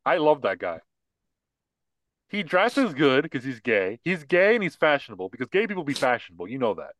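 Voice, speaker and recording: Lively, mocking male podcast co-host. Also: medium pitch, moderate pace, no room sound, low-quality recording. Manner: animated, mocking, joking. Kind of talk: casual political chat.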